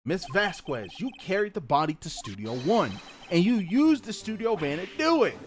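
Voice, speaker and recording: A man's voice: high voice, very animated, moderate pace, slight background noise, pitched above the performer's own voice. A man reading as a young lawyer pressing his case. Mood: accusing. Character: young male defense lawyer pressing an accusation.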